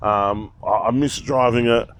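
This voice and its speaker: A man with an Australian accent, chatting casually and rambling as he walks through his car collection, telling animated stories. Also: mid-range voice, unhurried, slight background noise. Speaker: channel host. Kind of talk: casual car walkaround vlog.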